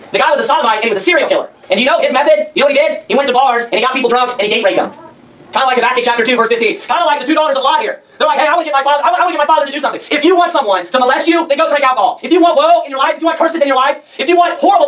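A man preaching a sermon, firing off rhetorical questions and reading scripture in a forceful voice. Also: extremely high pitch, far from the mic, low-quality recording.

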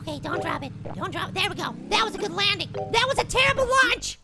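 A man voicing a tiny, excitable male cartoon apple who plays a mobile game, with frustrated outbursts and silly alliterative exclamations. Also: very high voice, fairly quick, gravelly, heavily acted. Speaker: let's play gamer. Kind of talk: cartoon character game commentary. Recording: loud music under the voice.

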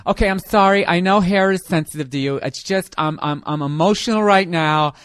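A man's voice: high-pitched, brisk, a bit bright, smooth, dry recording. Whiny, insistent nagging wife, done by a man in a raised, pinched voice; comic podcast bit. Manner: whiny, insistent, repeats "okay?". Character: nagging wife, adult woman, whiny and emotional.

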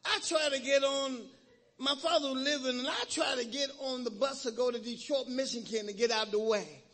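A man preaching to his congregation in a high, husky voice. He is emphatic, rising to shouts and then dropping to hushed prayer. His tone is sharp and forceful. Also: normal speed. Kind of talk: call-and-response sermon and prayer. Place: church sanctuary.

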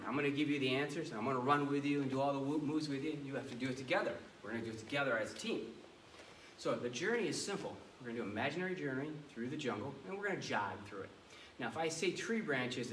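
A man's voice: mid-range voice, a bit bright, a little hiss or hum. A male martial arts instructor leading a children's class with commanding, playful energy. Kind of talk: kids' karate class instruction. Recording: echoey room heard from a distance.

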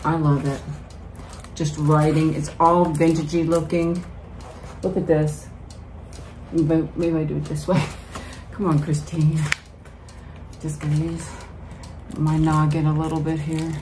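Low-voiced woman gushing over mail. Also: measured pace, long pauses, slight background noise. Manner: gushing, excited, talks to viewers. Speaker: vlogger. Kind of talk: casual mail-opening vlog.

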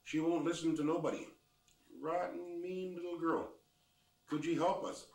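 An older man voicing worried parents who plead quietly and fretfully. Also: fairly high pitch, fairly even intonation, normal speed, voice pushed up, natural voice. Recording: roomy, mic at a distance.

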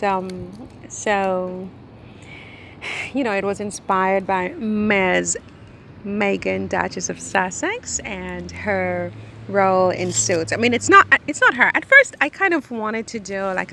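A woman rambles casually to her camera between bites, outdoors on a hot day. Her mid-pitched voice carries a gravelly fry. A faint hum of noise sits under the recording. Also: fairly bright tone. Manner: chatty, rambling, talks while eating. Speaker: vlogger.

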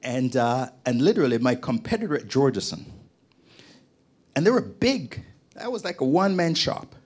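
A middle-aged man from Jamaica, a podcast guest, telling his story in lively conversation and acting out the people he quotes. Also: mid-range voice, moderate pace, breathy edge. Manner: animated storyteller, acts out quoted voices.

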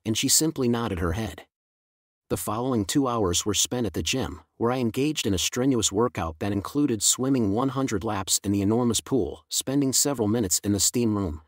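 A man narrating a first-person story in an even, measured way. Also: on the low side, no echo, studio quality.

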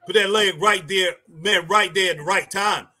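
Male stream host, high bright voice, excitable and laughing, calls folks "man" and "boy". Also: moderate pace. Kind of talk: casual live-stream wrestling commentary.

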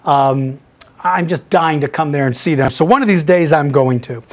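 Middle-aged male podcast host; enthusiastic, chatty, quick to laugh. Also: fairly high pitch. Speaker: podcast host answering listener questions. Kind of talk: casual Q&A chat, reading emails aloud.

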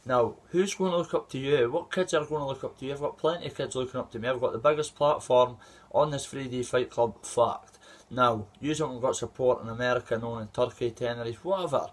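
A man's voice: medium pitch, a little fast, few pauses. Combative Scottish man in his thirties. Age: 30s. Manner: aggressive, rambling, combative. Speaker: amateur fighter. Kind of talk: trash-talking callout video.

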